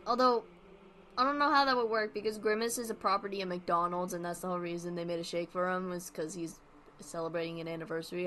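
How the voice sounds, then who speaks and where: A woman's voice: on the low side, fairly bright tone. Chatty young woman streamer, faint hiss behind. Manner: chatty, self-deprecating, giggly. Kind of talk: casual chat, reading aloud.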